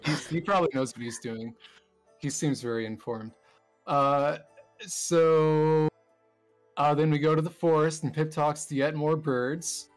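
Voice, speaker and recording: A man's voice: a little high, fairly even intonation, unhurried, soft background music. Rambling man recapping a game session. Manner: rambling, self-deprecating, laughs through his lines. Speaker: player giving the session recap. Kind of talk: casual recap of a tabletop game.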